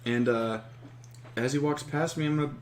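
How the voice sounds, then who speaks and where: A man's voice: mid-range voice, steady tone, normal speed, reverberant. A man playing a tabletop game, describing his moves in a loose, rambling way. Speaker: player. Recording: noisy room.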